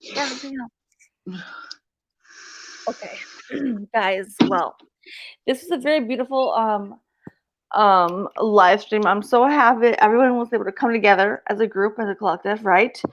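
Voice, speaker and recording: A woman's voice: mid-range voice, moderate pace, no echo, muffled recording. A woman hosting a casual livestream as a medium, emphatic, swearing freely and repeating herself.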